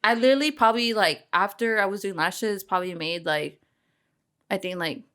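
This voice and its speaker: A woman's voice: medium pitch, brisk, fairly bright tone. A young woman host chatting candidly about her beauty business, swearing freely and using slang. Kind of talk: casual chat.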